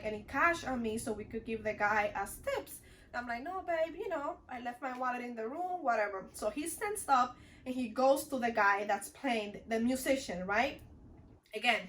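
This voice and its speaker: A woman's voice: fairly high pitch, a bit bright, a little hiss or hum. A young woman from the Dominican Republic telling a storytime vlog in a chatty, rambling way, full of "like" and restarts. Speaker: vlogger. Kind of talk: casual storytime chat.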